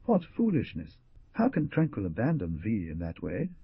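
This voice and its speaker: A man voicing a brooding, stern young frontiersman who gives orders, with a husky voice. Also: lowish voice, huge pitch swings, moderate pace, no echo, highs cut off, heavily acted. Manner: commanding, stern.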